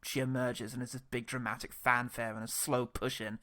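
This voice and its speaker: A man co-hosting a casual film review chat, joking with quick asides and laughing often. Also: mid-range voice, level tone, pushed and bright. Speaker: podcast co-host.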